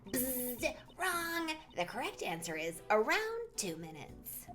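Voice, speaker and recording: A woman's voice: fairly high pitch, wildly swooping pitch, slow pace, a bit bright, soft background music, pitched above the performer's own voice, exaggerated voice. A woman voicing a perky, cheeky young woman sidekick from a game, teasing and upbeat.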